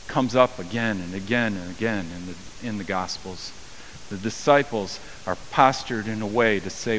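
A man preaching a sermon as a pastor, acting out the voices of the people in his story with rising pitch and volume. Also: moderate pace, fairly bright tone. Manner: acts out quoted voices with raised pitch and volume. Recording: long hall reverb with faint hiss.

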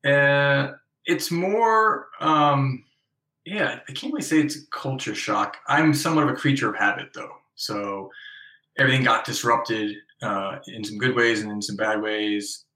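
A man's voice: medium pitch, a little slow, bright, forceful tone, roomy sound, rough recording. A middle-aged American man from the Northeast, an interview guest talking over a remote call in a chatty, self-deprecating way with many restarts. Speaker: guest author. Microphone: remote call from abroad.

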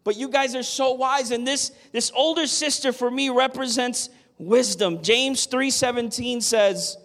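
A man's voice: extremely high pitch, unhurried, hardly any pauses, fairly bright tone. A man preaching a sermon, earnest and emphatic, often asking the listeners "Amen?". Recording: long hall reverb.

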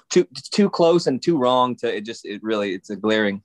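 A man co-hosting a podcast in casual, unscripted chat. He talks in animated rants, swears freely and breaks into laughter. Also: medium pitch, fast, few pauses. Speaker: podcast co-host.

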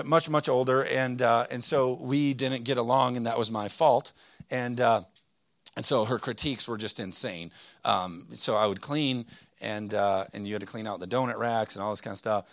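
A pastor in his thirties preaches a sermon, sharing a personal story packed with fillers and self-deprecating asides. His voice is mid-range with a fairly bright tone and no echo. He rambles, pokes fun at himself, and keeps restarting his sentences.

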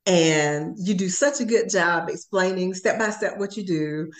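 A podcast host asking thoughtful, measured questions and offering short affirmations. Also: mid-range voice, reverberant. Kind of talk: casual interview questions.

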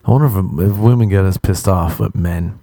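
A man's voice: low voice, fairly quick, vocal fry, dark tone, no room sound. A young Irish man hosting a podcast, ranting in a profane, exasperated, sarcastic comic monologue. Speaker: podcast host. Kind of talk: comedic solo podcast rant.

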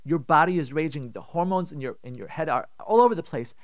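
A man's voice: high-pitched, animated, brisk, hardly any pauses, fairly bright tone, clean tone, dry recording, studio quality. A middle-aged man, a rabbi hosting a radio show, giving emphatic, repetitive advice and acting out the complaints he quotes. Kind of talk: animated radio advice talk.

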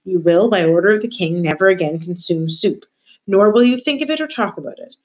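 Formal king's soldier, woman reading, officious, shouting, storybook. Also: on the low side, animated, a little fast, low-quality recording. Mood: dutiful. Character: stiff dutiful male soldier of the king.

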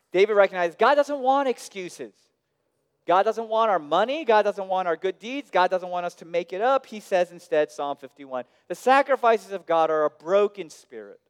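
A man preaching a sermon as pastor, swinging between hushed, quiet phrases and sudden raised, emphatic lines. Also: fairly high pitch, smooth. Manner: dynamic preaching, dropping soft and rising loud. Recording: long reverb of a large hall.

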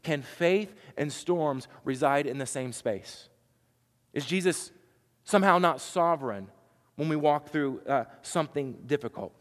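A man preaches a sermon in a conversational style, leaning on rhetorical questions and dropping from loud to hushed. His voice sits fairly high for a man. The sound carries the long reverb of a hall. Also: animated, measured pace. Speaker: pastor.

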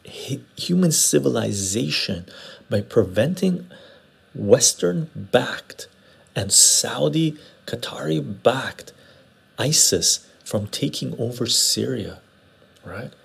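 A man's voice: medium pitch, gravelly, slightly rough. A man from Western Canada hosting a casual livestream, rambling and answering viewer comments in a conversational way. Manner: rambling, conversational, often tags "right?". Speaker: livestream host. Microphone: lapel mic.

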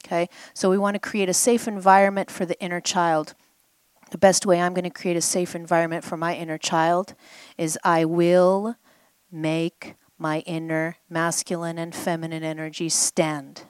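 A woman with a fairly low voice leads a guided healing exercise before a group at a live event. She coaxes and prompts, repeating short phrases for her listener to echo back. The sound is close and dry, with little room around it. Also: little pitch movement, moderate pace, clear, resonant tone. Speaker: healing coach.

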